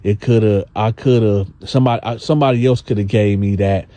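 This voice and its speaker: Guy doing a nervous stammering inmate, low mellow voice. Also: normal speed, no echo, natural voice. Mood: apologetic. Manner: stammering, repeats words. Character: hesitant nervous male inmate, mumbling.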